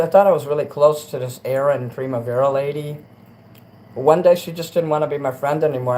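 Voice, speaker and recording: A man's voice: a little high, poor audio. Crude livestream host, male, rambling delivery, faint hiss under the voice. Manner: rambling, crude, swings between mutters and loud rants. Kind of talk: casual late-night livestream chat.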